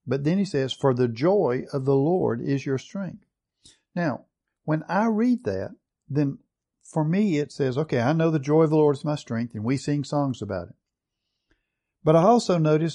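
A man preaching a sermon, reading scripture aloud and putting questions to his listeners, slowing down low for emphasis and then picking up speed. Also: animated, mellow. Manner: asks the congregation questions and reads scripture aloud.

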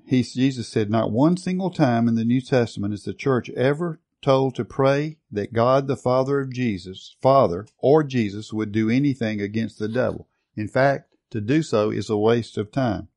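A man's voice: fairly low pitch, darkish tone. A man preaching a sermon, earnestly reading and retelling a testimony with rising emphasis.

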